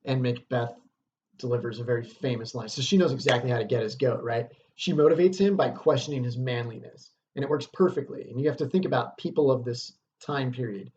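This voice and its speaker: A man's voice: medium pitch, fairly quick, a little mellow, muffled recording, slight background noise. A man teaching a lesson on a stage play, explaining scenes casually and reading passages aloud.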